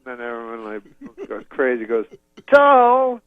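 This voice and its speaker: A man from Canada telling a rambling story in a deadpan, casual way, laughing at his own jokes, over a video call. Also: medium pitch, moderate pace. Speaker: comedian guest. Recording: dull lo-fi dry sound.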